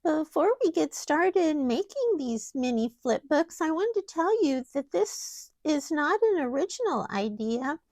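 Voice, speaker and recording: A woman hosting a craft tutorial, chatting gently and gushing as she demonstrates step by step. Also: high-pitched, no echo, studio quality.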